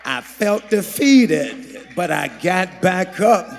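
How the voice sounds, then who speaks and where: A man pastor preaching a sermon, swinging between shouted calls to the congregation and quiet murmured asides. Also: high voice, animated, takes it slowly, creaky, few pauses. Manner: preaching with call-and-response, shouting and dropping to murmurs. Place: large church sanctuary. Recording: long hall reverb.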